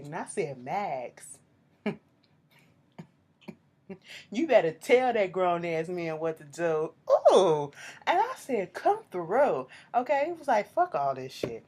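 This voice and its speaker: A woman recapping a TV episode in a casual vlog, sassy and profane, acting out quotes with swoops up and down in her voice. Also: medium pitch. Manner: sassy, profane, animated storytelling. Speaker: TV show reviewer.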